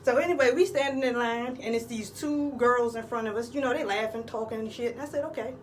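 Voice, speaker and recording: A woman's voice: a little high, fast, far from the mic, a little hiss or hum, rough recording. A woman telling a crude, rambling comic story outdoors in the cold. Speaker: comedic vlogger. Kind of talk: profane comedic storytelling.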